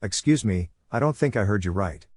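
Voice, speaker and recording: A man reading the lines of a calm, cold teenage ninja boy with a deadpan delivery. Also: lowish voice, a little fast, breathy edge, no echo. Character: calm, menacing masked teen boy ninja.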